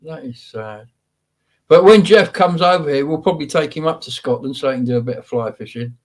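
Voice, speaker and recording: A man's voice: a little high, a little fast. A man from Wales hosting a casual live show, chatting and greeting viewers by name. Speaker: host. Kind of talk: casual live-stream chat.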